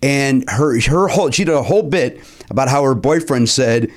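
A man's voice: medium pitch, animated, moderate pace. A man, a comedian co-hosting a podcast, talking in casual chat with wry, profane asides.

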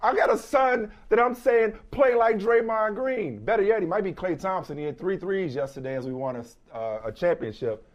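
A man hosting a sports debate show, venting in exaggerated mock outrage and shouting at times. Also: high voice, normal speed, few pauses. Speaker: sports talk show host.

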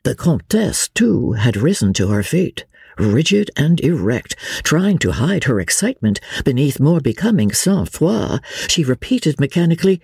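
A woman narrating an audiobook with lively, expressive storytelling. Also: rumbling low, normal speed, husky, dry recording, clean studio sound. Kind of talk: scripted narration.

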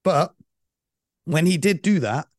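A man hosting a casual sports chat, animated and laughing as he rattles off stats. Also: fairly high pitch, takes it slowly, no echo, studio quality. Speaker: podcast host.

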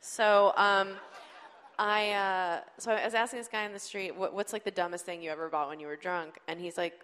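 A woman's voice: mid-range voice, normal speed, clear, resonant tone, in a large hall, some chatter behind. A woman telling stories on a live comedy panel, chatty and laughing as she goes. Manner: chatty, laughing, animated storytelling. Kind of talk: panel Q&A, casual storytelling. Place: live panel in a large venue.

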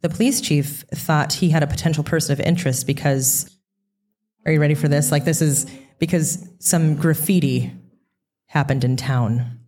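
Low-voiced woman co-hosting true crime. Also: steady tone, moderate pace, dark tone. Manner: rambling, frequent restarts, sarcastic asides. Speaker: podcast co-host. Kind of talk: true crime podcast chat.

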